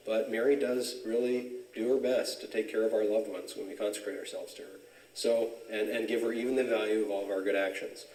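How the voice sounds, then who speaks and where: A man from Southern California tells personal stories in a casual religious talk, easygoing and full of fillers and chuckles. His voice carries through a reverberant church. He is picked up from some distance away from the mic. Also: mid-range voice. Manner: relaxed storyteller, frequent fillers and chuckles.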